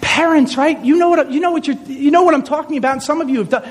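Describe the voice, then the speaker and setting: High-voiced man preaching in a hall. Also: fast. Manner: animated, joking, acts out scenes. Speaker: speaker, high school teacher. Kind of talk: sermon with comic storytelling. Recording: long hall reverb.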